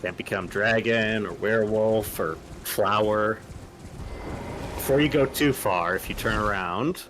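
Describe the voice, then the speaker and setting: Lower-voiced man explaining game lore. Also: measured pace, background noise. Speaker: co-host guiding the player. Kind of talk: casual gaming stream chat.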